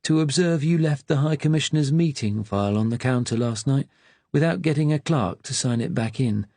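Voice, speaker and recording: Man doing a slow, sad old registrar. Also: medium pitch, creaky, darkish tone, breathy edge, no echo, pitched above the performer's own voice. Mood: reproachful. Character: old male registry clerk, fussy and mournful.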